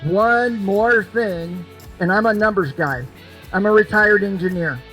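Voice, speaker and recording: Older guy hyping a beanbag toss, high voice, jokey and repetitive, faint music behind. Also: a little slow, sharp tone. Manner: joking, repetitive, coaxing. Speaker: event emcee running a cornhole game. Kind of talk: lively crowd banter.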